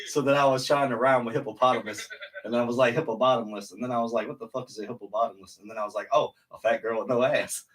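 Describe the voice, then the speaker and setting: A man's voice: mid-range voice, fairly even intonation, fast talker, fairly bright tone. A man co-hosting a live podcast in casual banter, cracking crude jokes and laughing at them. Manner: joking, laughs at his own jokes. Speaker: podcast co-host.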